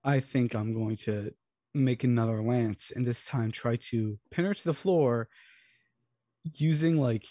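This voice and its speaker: Husky, mellow-voiced man, self-deprecating. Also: medium pitch, a little slow, no room sound. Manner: dry, self-deprecating humor. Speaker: tabletop game player. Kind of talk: casual play.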